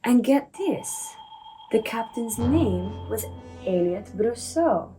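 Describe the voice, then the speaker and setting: A woman shares findings eagerly, in a higher voice with a mellow tone. Faint music plays underneath. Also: expressive, slow, poor audio.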